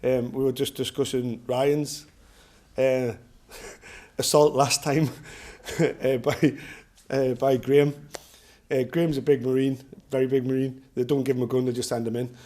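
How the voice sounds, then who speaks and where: A man's voice: mid-range voice, flat delivery, measured pace, dark tone. A middle-aged man with a Geordie accent, a self-defence instructor telling rambling, jokey stories to his class. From North East England. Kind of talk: casual class talk with anecdotes.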